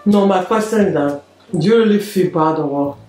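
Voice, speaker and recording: Offhand teasing wife, echoey room. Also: female voice, lowish voice, brisk, a little mellow, faint music behind. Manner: teasing and offhand, talking to viewers. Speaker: vlogger, wife. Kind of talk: casual couple vlog.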